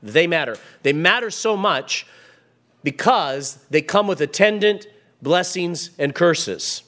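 A man's voice: a little high, animated, takes it slowly. Man preaching with rising emphasis. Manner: emphatic preaching, swings between quiet and raised passages. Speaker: pastor. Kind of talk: sermon. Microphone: microphone at a pulpit.

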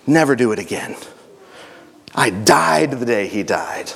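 A man's voice: medium pitch, expressive, measured pace, gravelly, slightly rough, pitched below the performer's own voice, exaggerated voice. A bitter grieving young woman, as a man puts her on. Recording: long hall reverb.

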